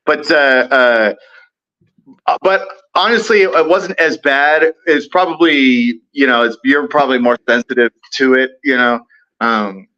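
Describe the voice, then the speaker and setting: A man's voice: medium pitch, a little slow, sharp tone, highs cut off. A man as the guest in a casual film discussion, hesitant, with lots of fillers and trailing thoughts.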